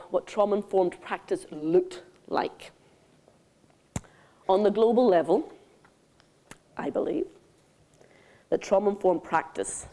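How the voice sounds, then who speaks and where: A woman's voice: fairly low pitch, warm tone. An older woman giving a conference keynote speech, theatrical and intimate, calling the audience darlings. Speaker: keynote speaker. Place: conference hall stage.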